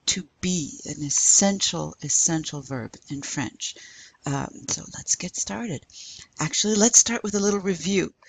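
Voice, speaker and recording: Slow, patient woman teaching French. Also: on the low side, slight background noise. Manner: slow, patient, spelling letters out one by one. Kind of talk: recorded online lecture.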